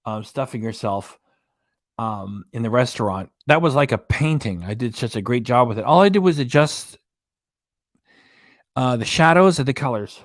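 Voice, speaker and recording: This livestream reaction host, broadcasting casually from a small apartment, has a medium-pitched, animated voice and a moderate pace. He's chatty, reading the chat out loud and frequently chuckling in between.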